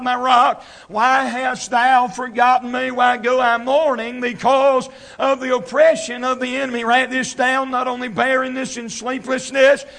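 A man preaching an impassioned sermon, swinging from shouted scripture to quiet asides. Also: extremely high pitch, creaky. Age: 30s.

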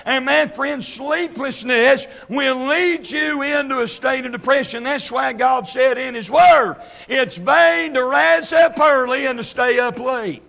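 A man preaching an impassioned sermon, swinging from shouted scripture to quiet asides. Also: very high voice, measured pace, gravelly. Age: 30s.

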